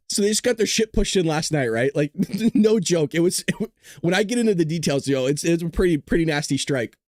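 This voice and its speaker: A man's voice: fairly high pitch, lively intonation, a little fast, darkish tone, no echo, studio quality. A man hosting a casual news commentary stream who swears, jokes, and keeps breaking into giggles, sounding tired from staying up late. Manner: profane, joking, breaks into giggling laughter. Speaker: host.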